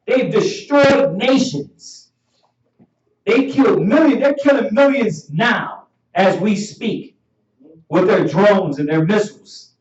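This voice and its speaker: A man teaching a Bible class in an animated preaching style, laughing often and calling for each verse to be read. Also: high voice, takes it slowly. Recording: dull echoey room audio from far off.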